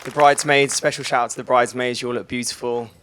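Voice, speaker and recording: A man's voice: mid-range voice, little pitch movement, fast, a bit bright, a faint crowd, a little hiss or hum. A young man from England giving a teasing wedding speech as the groom, laughing at his own jokes.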